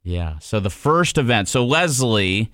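A man's voice: medium pitch, big pitch swings, unhurried, a bit bright, dry recording, studio quality. A man co-hosting a podcast in casual chat, telling stories animatedly and acting out past conversations. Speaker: podcast host.

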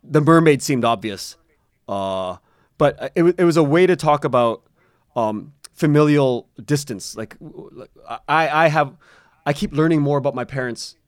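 Male guest, slightly high pitch, rambling storyteller, dry room, restarts a lot. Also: lively intonation, normal speed, no room sound. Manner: rambling, many restarts, laughs often. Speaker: podcast creator, interview guest. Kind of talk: casual conversational interview.

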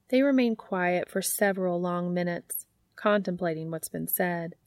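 A woman reading fan fiction aloud in a steady, unhurried audiobook narration. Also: lowish voice, creaky, no room sound.

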